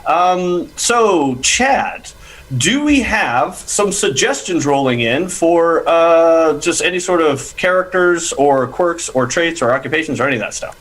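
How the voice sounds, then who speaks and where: A man hosting an improv comedy podcast, his voice sitting high. He talks in an upbeat, chatty way, walking the players through each game. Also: expressive, a little slow, fairly bright tone. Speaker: improv show host.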